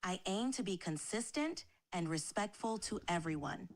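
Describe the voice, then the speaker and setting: A text-to-speech woman's voice answering as an AI chat assistant, polite, even and accommodating. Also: medium pitch, normal speed, slight background noise. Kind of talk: chatbot replies, polite and scripted.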